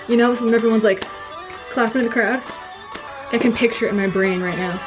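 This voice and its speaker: A woman's voice: fairly high pitch, fast talker. Giggly young woman chatting over makeup. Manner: rambling and chatty, heavy use of "like", frequent giggles. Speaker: beauty vlogger. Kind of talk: casual get-ready-with-me chat. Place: her bedroom, indoors. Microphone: camera nearby, self-filmed. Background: faint pop music playing.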